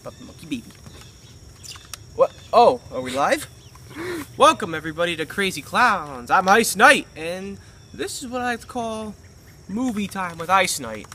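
A man's voice: sits high, very animated, moderate pace, bright, forceful tone, slight background noise. A man hosting a comic movie review with a goofy, playful manner.

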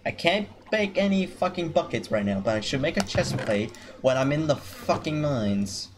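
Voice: medium pitch, sing-song, moderate pace. A gamer doing let's-play commentary, swearing constantly and grumbling at the game's animals. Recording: noisy with keyboard clicks. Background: keyboard typing.

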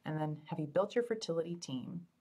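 A woman's voice: low voice, lively intonation, brisk, mellow. A middle-aged woman, a fertility doctor hosting a live Q&A, answering questions in an upbeat, joking, chatty way. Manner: upbeat, chatty, joking, addresses listeners as "you guys". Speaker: fertility doctor and show host.

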